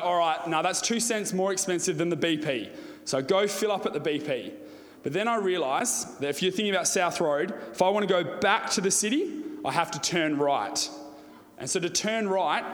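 Young Australian male preacher, chatty storyteller, bright high register, echoing hall. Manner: chatty, asks the audience questions. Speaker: youth preacher. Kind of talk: storytelling sermon.

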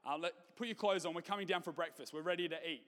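Preacher quoting a confident faithful orphanage keeper, Australian accent, church reverb. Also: male voice, a little high, quick pace, fairly bright tone, lightly acted. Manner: confident, trusting. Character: calm faithful man running an orphanage.

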